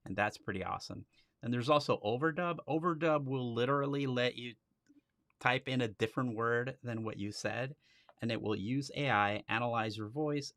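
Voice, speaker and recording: A man hosting a live stream, walking through a software demo in a casual, chatty way with frequent restarts. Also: on the low side, dry recording, studio quality.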